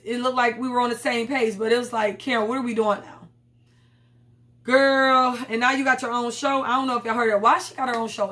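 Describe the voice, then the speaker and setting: A woman's voice: fairly high pitch, a bit bright. A young woman reviewing a reality TV episode in a blunt, profane, slangy casual chat. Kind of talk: casual commentary vlog.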